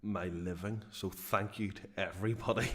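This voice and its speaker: A middle-aged man hosts a loose live-stream chat in a fairly low voice. He is talkative, laughs easily and swears in passing. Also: fairly even intonation, normal speed, a bit bright. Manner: chatty, laughs often, swears casually. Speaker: channel host.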